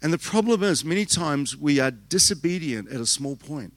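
A man's voice: a little high, animated, normal speed, no echo. An older man with a New Zealand accent, preaching a conference sermon and telling stories with frequent restarts and laughter. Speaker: pastor.

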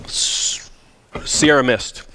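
A man's voice: very slow, crowd noise. A male pastor preaching a sermon in a church. He speaks emphatically and with animation, and he often restarts his sentences. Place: church sanctuary.

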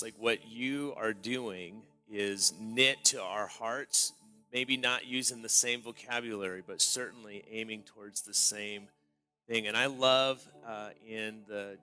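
A pastor on a church stage closing the service, speaking casually with some fillers. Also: male voice, on the low side, steady tone, slow pace, sharp tone, faint music behind. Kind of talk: sermon closing, leading the congregation.

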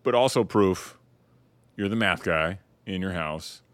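A man's voice: low voice, unhurried, fairly bright tone, dry recording. A man hosting a podcast in casual chat, laid-back, swearing freely and laughing often. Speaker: podcast host.

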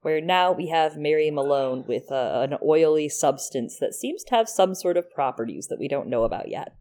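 A woman's voice: low voice, animated, normal speed, dark tone. A woman co-hosting a podcast, recapping a book chapter in casual chat with playful asides. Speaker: podcast co-host.

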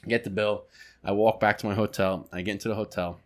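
A man co-hosting a podcast, telling a story in a loose, animated way, swearing freely and acting out his own reactions. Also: lowish voice, fast. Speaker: podcast co-host. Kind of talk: casual storytelling.

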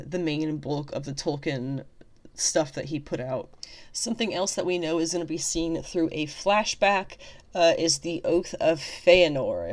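A woman with a deep, low voice talks through her thoughts in a casual fan commentary. She is eager and enthusiastic, often trailing off with ums and restarting her sentences. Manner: chatty, lots of fillers and self-corrections; excited and enthusiastic. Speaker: fantasy fan video host.

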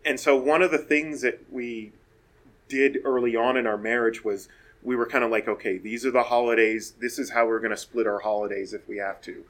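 A man casually telling stories about family and traditions, in a relaxed way with frequent fillers. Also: mid-range voice, brisk. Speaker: guest speaker. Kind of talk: casual storytelling.

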